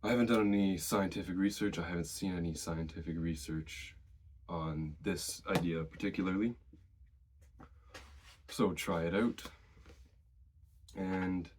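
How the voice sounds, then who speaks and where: In a low-pitched, unhurried voice with frequent pauses, a male fitness vlogger passes along workout advice from his own experience. He sounds relaxed and conversational though slightly out of breath, with a little hiss or hum in the background.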